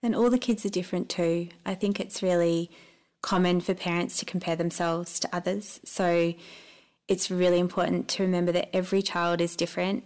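A woman speaks calmly as a podcast guest, her voice low and gravelly. She keeps a level, measured delivery with little rise and fall. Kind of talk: calm conversational interview.

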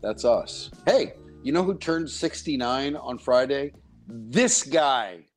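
A man's voice: mid-range voice, expressive, takes it slowly, faint music behind. A man hosting a radio talk show from a studio, speaking in chatty, digressive banter. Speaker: radio host.

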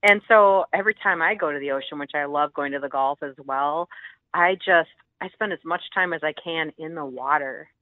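A woman's voice: deep voice, normal speed, no echo. Upbeat woman guest on a muffled line. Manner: upbeat, laughs often, lists advice with emphasis. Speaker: psychotherapist guest. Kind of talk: casual interview chat.

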